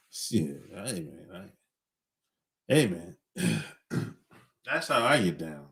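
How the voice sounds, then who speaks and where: A man's voice: deep voice, wildly swooping pitch, drawn-out words, gravelly, a bit bright. A middle-aged man hosting a podcast, talking bluntly in a casual opinionated monologue, chuckling between points. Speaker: podcast host.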